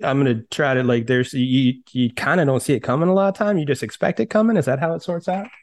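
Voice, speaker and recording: A man's voice: medium pitch, quick pace, a little mellow. A man hosting a podcast in casual chat, reacting with jokey interjections. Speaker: podcast host.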